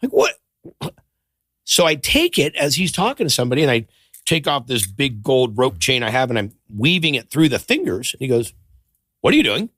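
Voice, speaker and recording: A middle-aged man chats as a podcast guest, spinning stories and slipping into the voices of the people he quotes. His voice is bright and forceful, caught on a close studio mic with a dry sound. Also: medium pitch, brisk, no room sound. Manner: animated storyteller who acts out quoted voices. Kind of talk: storytelling in casual chat.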